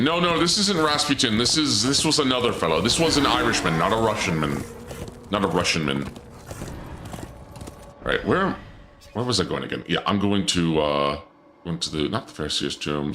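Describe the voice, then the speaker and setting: A man streaming a game, chatting casually to his viewers and rambling through a story, often trailing off and restarting sentences. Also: medium pitch. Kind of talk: casual gameplay commentary to chat. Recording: music playing behind the voice.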